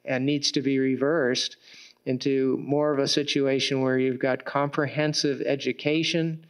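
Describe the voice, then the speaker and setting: Flat, smooth-voiced man arguing at a debate. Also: mid-range voice. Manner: measured, with fillers and repeated words. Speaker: political candidate in a debate. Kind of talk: public debate argument. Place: public meeting room with audience.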